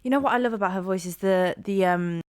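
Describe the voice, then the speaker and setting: A young woman talks casually into a close mic about a song she loves, gushing and rambling and often restarting her sentences. Her voice sits at an everyday pitch. The sound is dry, with no room echo. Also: fast talker, a little mellow, clean tone. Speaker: music reaction host. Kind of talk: casual reaction commentary.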